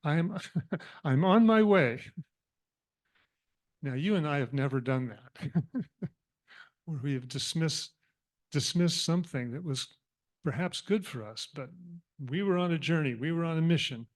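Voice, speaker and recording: A man giving a sermon as minister, telling a parable in an animated, humorous and reflective way. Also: a little high, normal speed, pauses often. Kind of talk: storytelling sermon.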